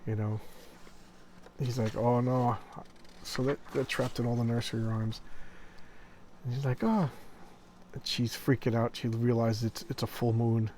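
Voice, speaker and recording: A man who hosts comic book videos reviews old horror comics casually, his medium-pitched, darkish voice fairly even in intonation and a little slow, with long pauses and a faint hiss or hum behind it. He's enthusiastic and rambling as he retells the stories, acting out quoted lines in passing.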